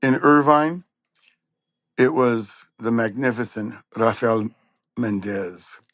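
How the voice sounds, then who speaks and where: A Southern California man, a trumpet player guesting on an interview, spins stories and acts out what people said in an animated way. His mid-range voice moves at a slow pace, with no room sound.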